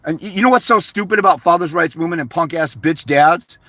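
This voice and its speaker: Male livestream host, sharp and forceful, shouts insults in a hard-edged rant. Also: fairly high pitch, quick pace, no room sound. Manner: aggressive, profane, shouting insults. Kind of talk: livestream rant answering questions.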